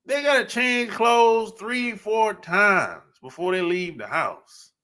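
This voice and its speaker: A man's voice: high-pitched, expressive, bright, forceful tone. A man hosting a podcast, talking bluntly in a casual monologue and laughing often. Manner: blunt, laughing often, drawn-out emphatic phrasing. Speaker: podcast host.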